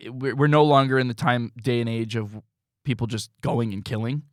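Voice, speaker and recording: A man co-hosting a podcast in casual chat, ranting and swinging between loud yelling and low mutters. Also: moderate pace, dry recording, clean studio sound. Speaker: podcast co-host. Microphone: podcast mic.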